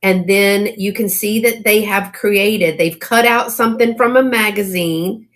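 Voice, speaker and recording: A woman with a drawl hosts a live online sale and talks at an unhurried, slow pace. Her voice sits at an ordinary middle pitch. She is chatty and keeps exclaiming over each item, and she stumbles through old cursive as she reads it aloud. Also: fairly even intonation. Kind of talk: casual live-sale chat.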